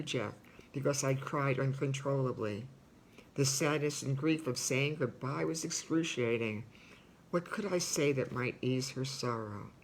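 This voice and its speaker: Slow heartfelt man reading aloud. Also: a little high. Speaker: reader. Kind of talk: reading a memoir aloud with asides. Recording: noisy background ambience.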